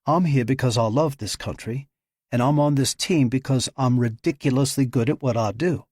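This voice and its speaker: A man voicing a confident young woman hacker who answers with defiant, quick comebacks, his pitch lifted. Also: darkish tone, no room sound, clean studio sound, close to an everyday voice.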